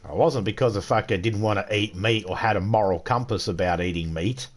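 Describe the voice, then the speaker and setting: A man's voice: fairly low pitch, fairly quick. A man with an Australian accent, streaming a game and ranting crudely with lots of swearing. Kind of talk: casual gaming livestream rant.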